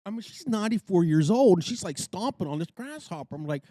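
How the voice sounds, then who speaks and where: A middle-aged man telling a story in casual podcast chat, animated and exclaiming. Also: high voice, fast talker, dry recording, studio quality. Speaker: podcast co-host.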